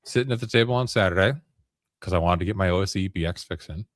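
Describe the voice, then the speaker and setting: A man in casual chat, telling a long rambling story in an animated way. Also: deep voice, fast, no room sound, studio quality.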